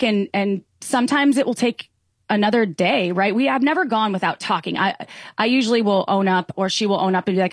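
A woman guest talks things through in an earnest, reflective way, restarting her sentences as she thinks. Her voice sits in a middle pitch. The sound is dry and close, with no room echo. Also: quick pace. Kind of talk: casual talk show conversation.

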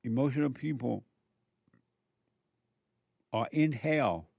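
A man giving a moralizing monologue in a slow, emphatic way, repeating words for stress. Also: mid-range voice, vocal fry, darkish tone, breathy edge, no echo.

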